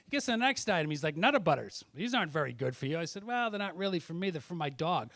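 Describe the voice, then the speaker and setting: A man doing stand-up comedy with crowd work, swearing constantly and swinging from muttered asides to loud angry outbursts. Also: on the high side, very animated, racing, hardly any pauses, dry recording.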